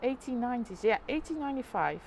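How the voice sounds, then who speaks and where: A woman's voice: fairly high pitch, expressive, quick pace, gravelly, a little mellow, slight background noise. A woman with a Dutch accent chatting casually on a live stream, narrating the street below her apartment window. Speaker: live vlogger.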